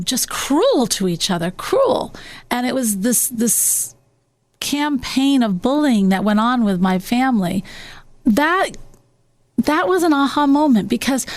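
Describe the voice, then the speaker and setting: A woman's voice: on the high side, no room sound. A woman hosting a talk radio show, giving earnest life-coaching advice with many fillers and restarts.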